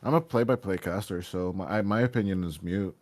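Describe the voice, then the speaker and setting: Young man, americanized accent from american schools, casual caster chat, rambling restarts, lowish voice, dry close headset sound. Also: brisk, darkish tone, no echo. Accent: American-tinged English from American schools. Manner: rambling, self-deprecating, stumbling restarts. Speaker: play-by-play caster.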